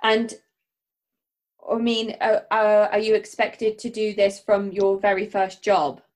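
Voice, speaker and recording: A woman's voice: mid-range voice, level tone, takes it slowly, darkish tone. A woman hosting an interview, asking questions hesitantly with restarts. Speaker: podcast host.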